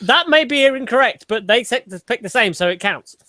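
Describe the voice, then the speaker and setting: A man's voice: very high voice, moderate pace. A man hosting a casual quiz on a podcast, teasing and laughing a lot with his friends. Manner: animated, teasing, laughs often. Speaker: podcast host.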